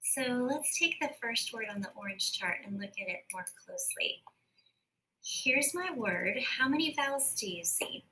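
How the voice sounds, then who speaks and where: A woman teacher giving a recorded phonics lesson, slowly and carefully sounding out words. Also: on the high side, lively intonation, sharp tone, a little hiss or hum, low-quality recording.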